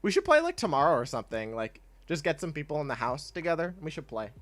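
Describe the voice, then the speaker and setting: A man's voice: a little high, sing-song, quick pace, a bit bright. Chatty young man streaming a game. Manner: laid-back, chatty, laughs often, reads chat aloud. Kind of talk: casual livestream chat while gaming.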